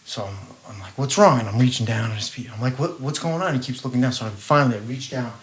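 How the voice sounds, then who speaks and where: A man's voice: medium pitch, fast talker. A man co-hosting a podcast, telling stories in a blunt, profane way. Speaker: podcast co-host. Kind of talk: casual podcast chat.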